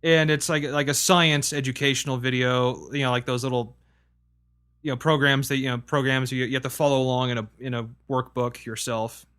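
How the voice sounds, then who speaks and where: A man's voice: medium pitch, level tone, fairly quick, fairly bright tone. A man co-hosting a podcast, chatting casually, teasing his partner with exasperated, swearing banter. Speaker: podcast co-host. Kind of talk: casual banter about games and media.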